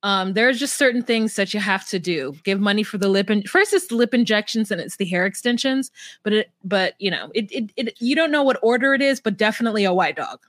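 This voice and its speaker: A woman's voice: medium pitch, animated, fairly quick, dry recording, studio quality. A woman co-hosting a casual podcast about reality TV, playful and giggly, breaking into sung bits. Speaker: podcast co-host.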